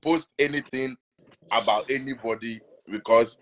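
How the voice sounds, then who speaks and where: A man on a live stream, calmly explaining his points and trying to settle an upset woman. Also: mid-range voice, normal speed, rough recording.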